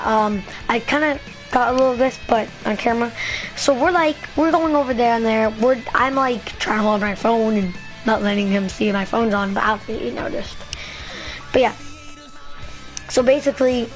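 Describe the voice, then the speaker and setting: A woman vlogger telling a story in a rambling, excitable way, full of fillers. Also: a little high. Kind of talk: casual storytelling vlog.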